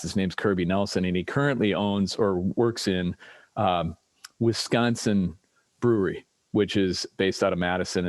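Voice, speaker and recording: A man in casual chat over drinks, telling rambling stories with lively quoted voices as a podcast guest. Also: low voice, no room sound.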